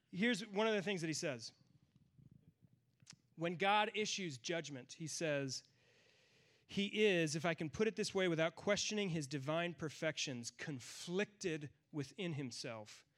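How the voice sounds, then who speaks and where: High-voiced earnest male preacher. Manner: earnest, pleading, varies loudness for emphasis. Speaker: pastor. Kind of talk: sermon.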